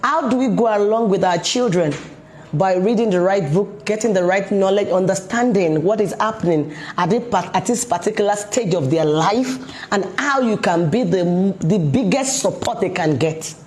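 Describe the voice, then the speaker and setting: A woman's voice: medium pitch, normal speed, darkish tone, slight background noise. A woman coaching parents in a motivational talk, emphatic and full of rhetorical questions.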